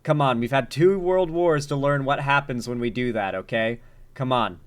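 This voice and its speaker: A man giving casual, animated commentary while reacting to news clips, urgent and joking by turns. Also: mid-range voice, normal speed.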